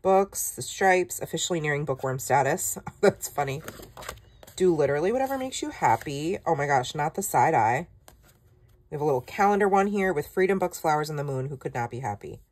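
Gushing low-voiced woman crafter. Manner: gushing, excitable, quick gasps and exclamations. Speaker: craft vlogger. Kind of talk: casual product flip-through chat.

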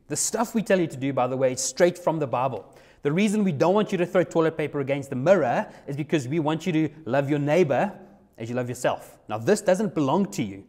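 A man's voice: on the high side, animated, fairly quick, darkish tone. A young man, a youth pastor telling a personal story in a sermon, conversational and repeating himself. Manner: conversational, repeats himself, acts out his own quoted lines.

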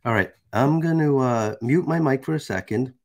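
A man's voice: mid-range voice, moderate pace, gravelly. A man hosting a live stream, reading a text aloud and chatting casually with viewers. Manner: casual, chatty, asides to the chat.

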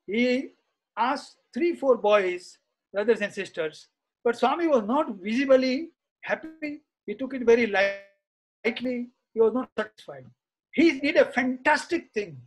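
High-voiced man telling old stories. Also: poor audio. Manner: reminiscing, chatty, frequent "you see" and "uh". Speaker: interview guest. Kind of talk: anecdotal storytelling in conversation.

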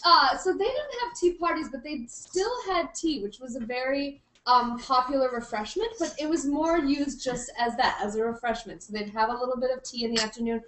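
A woman's voice: high-pitched, brisk, hardly any pauses, fairly bright tone, reverberant, poor audio. Chatty young woman explaining with um and like. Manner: chatty, filler-heavy. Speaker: presenter of a topic. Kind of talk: casual explaining.

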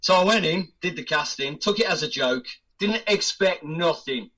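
A man's voice: fairly high pitch, moderate pace, rough recording. A man, an actor and podcast guest, telling anecdotes with laughs and put-on voices. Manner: lively, laughs often, does voices in anecdotes. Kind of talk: casual storytelling interview.

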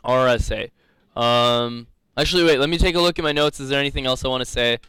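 A man's voice: medium pitch, quick pace, sharp tone, clear, resonant tone, no echo. A young man teaching a live coding lecture, rambling and joking, laughing often. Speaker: coding instructor.

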